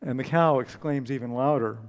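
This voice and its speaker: A man preaching a relaxed, conversational sermon, telling a story and speaking with fillers and restarts. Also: medium pitch, a little fast. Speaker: speaker and author.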